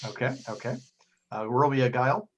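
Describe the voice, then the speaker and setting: A man narrating as game master of a tabletop game, halting and full of fillers. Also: mid-range voice, steady tone, slight background noise.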